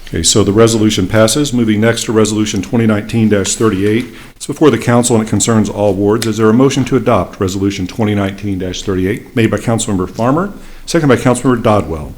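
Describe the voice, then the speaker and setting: A man's voice: fairly low pitch, darkish tone. A man serving as mayor, chairing a city council meeting in a formal, procedural way, speaking into a desk microphone in the council chamber. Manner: brisk, procedural, with frequent fillers.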